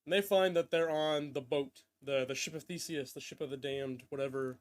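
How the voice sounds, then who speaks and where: A man's voice: a little high, steady tone, moderate pace. A man hosting a casual podcast, recapping a show with loose asides and frequent laughs. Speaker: podcast host. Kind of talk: casual chat.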